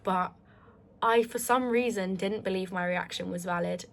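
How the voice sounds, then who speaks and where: A woman's voice: medium pitch, normal speed, gravelly. A woman talking straight to her viewers in a candid, heartfelt monologue. She is emphatic and reflective, swears freely and often restarts her sentences. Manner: earnest and reflective, with frequent restarts. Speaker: vlogger.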